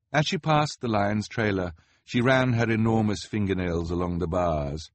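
A man reading an audiobook in a measured, wry narrating voice. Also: low voice, no echo. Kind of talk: scripted narration.

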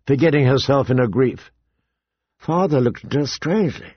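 Husky man reading a story aloud. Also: moderate pace, no echo. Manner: expressive, raises pitch for young girls' lines. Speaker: audiobook narrator. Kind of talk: scripted narration with character voices. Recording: dull, dry lo-fi recording.

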